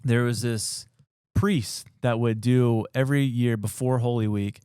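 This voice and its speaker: A man's voice: medium pitch, steady tone, a little slow, mellow, smooth, no echo, clean studio sound. A man hosting a podcast, retelling an old story in a loose, rambling way full of fillers. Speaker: podcast host. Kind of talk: casual storytelling.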